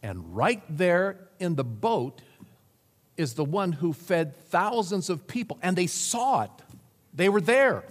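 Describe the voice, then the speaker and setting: A man's voice: sits high, big pitch swings, takes it slowly. A man preaching a sermon, telling stories with chuckles and acting out the voices of the people in them. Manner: storytelling with chuckles, acting out quoted characters. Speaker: pastor. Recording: reverberant hall.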